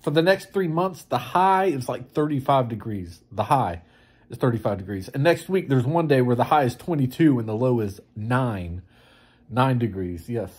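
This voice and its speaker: A man's voice: medium pitch, expressive, normal speed, a little mellow, slightly rough. A man in a casual vlog, rambling and joking about himself as he goes about his day in a town in winter. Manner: rambling, self-mocking, chatty. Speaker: vlogger.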